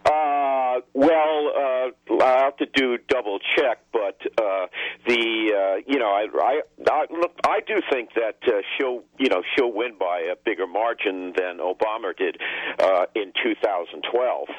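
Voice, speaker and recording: A man, a political strategist guest on a radio call-in show, speaking haltingly with many filler pauses. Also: medium pitch, no room sound. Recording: dull lo-fi phone line.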